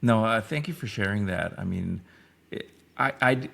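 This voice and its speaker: A man's voice: lowish voice, normal speed, vocal fry, a bit bright. A man in his fifties, a podcast guest, talking reflectively in a rambling way with many restarts. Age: 50s. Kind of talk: casual interview talk.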